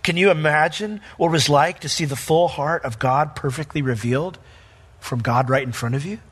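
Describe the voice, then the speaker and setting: An emphatic male pastor delivers a verse-by-verse sermon. His voice is bright and forceful and sits a little high. He stays animated as he explains the text. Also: normal speed, slightly rough. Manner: emphatic, animated, acts out quotes.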